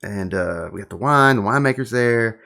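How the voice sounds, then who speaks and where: A middle-aged man from the American South, telling stories in a casual chat as a guest, animated and laughing, full of "like" and "you know". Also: lowish voice, fairly quick, gravelly. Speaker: guest, wine tour guide.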